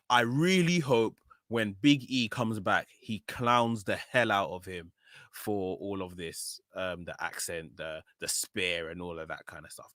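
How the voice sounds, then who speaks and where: A man's voice: low-pitched, a bit bright, no room sound, studio quality. A man with a British accent giving a casual, opinionated wrestling review, often frustrated, full of "um" and "you know". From Nigeria.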